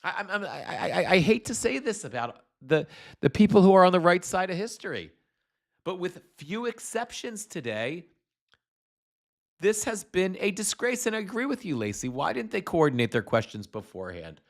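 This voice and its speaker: A man's voice: sits high, big pitch swings, normal speed, creaky. Profane, stammering angry male commentator. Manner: profane, stammering, incensed ranting. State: congested with postnasal drip. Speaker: political commentator streaming a hearing.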